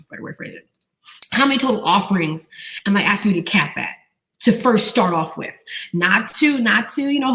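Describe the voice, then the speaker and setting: Young adult woman, mid-range pitch, live-stream business coach, energetic call-and-response teacher who repeats her prompts. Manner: animated, repetitive call-and-response questioning. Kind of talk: live online training, quizzing viewers.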